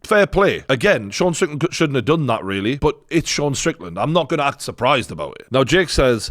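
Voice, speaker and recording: A man with a Geordie accent talks in a casual, blunt way and swears freely as he reacts to fight footage. His voice sits at a middling pitch. The recording is dry and close. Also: very animated, fairly quick, hardly any pauses, a bit bright, no echo. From north-east England. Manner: blunt, sweary, laughs often. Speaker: host reacting to fight clips.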